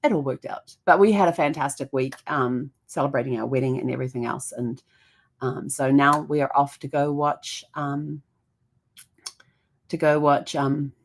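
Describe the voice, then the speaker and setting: A woman's voice: a bass voice, normal speed. A middle-aged woman, casually telling a personal story for her vlog, chatty and rambling, laughing often and acting out the voices of people she quotes. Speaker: host.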